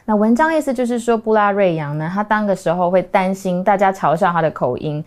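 A woman's voice: mid-range voice, lively intonation, quick pace, darkish tone. A woman co-hosting a bilingual English lesson, explaining the words in a chatty way with frequent agreeing fillers. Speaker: co-host explaining in Mandarin.

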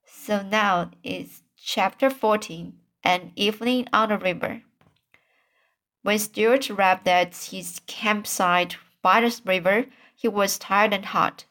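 A woman reading a children's book aloud, halting often and restarting stumbled words. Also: medium pitch, a bit bright. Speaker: reader.

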